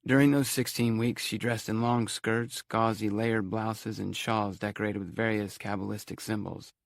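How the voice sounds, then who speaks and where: A man's voice: on the low side, little pitch movement, normal speed, creaky, no room sound, clean studio sound. A man narrating an audiobook in a wry, conversational storytelling manner.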